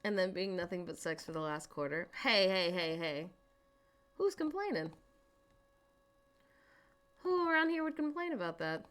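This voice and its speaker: A woman's voice: lowish voice, expressive, normal speed, pauses often, fairly bright tone. A woman hosting a casual livestream from home, chatting with viewers and muttering to herself as she works. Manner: chatty, talks to herself while working on screen; greets and answers chat viewers. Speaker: livestream host.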